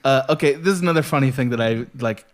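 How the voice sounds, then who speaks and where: A man's voice: mid-range voice, fast talker. A man co-hosting a casual comedic podcast, laid-back and swearing freely as he riffs and laughs along. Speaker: podcast co-host.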